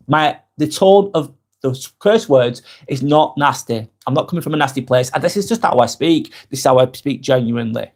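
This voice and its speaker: A man's voice: fairly high pitch, moderate pace, vocal fry. A man hosting a live stream, reading viewer comments aloud and answering them in a frank, rambling way, swearing casually as he talks.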